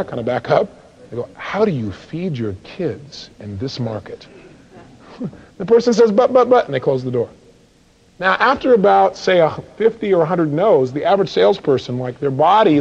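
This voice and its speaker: A man's voice: sits high, darkish tone. A man giving a live motivational seminar who acts out little dialogues and fires rhetorical questions at the audience. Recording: dull lo-fi recording.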